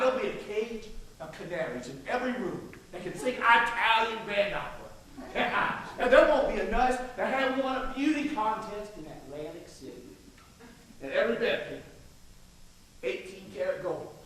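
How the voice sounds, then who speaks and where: An actor playing a brash, domineering state governor, swaggering and coarse, on an echoey stage recorded from afar. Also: male voice, sits high, a bit bright. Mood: boasting. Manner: swaggering, boisterous, coarse and persuasive. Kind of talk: stage play acting. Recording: echoey stage miked from far, faint noise.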